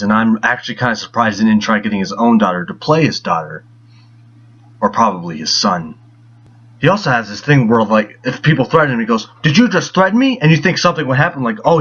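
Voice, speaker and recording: Sarcastic male movie reviewer, husky. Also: mid-range voice, a bit bright. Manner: sarcastic, mocking. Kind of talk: scripted film review. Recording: dull lo-fi voice.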